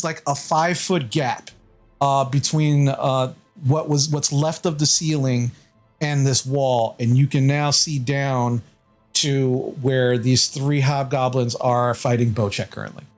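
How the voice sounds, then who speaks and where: A man's voice: mid-range voice, steady tone, a little slow, faint music behind. A man narrating as game master in a casual tabletop game, describing the action loosely with many fillers.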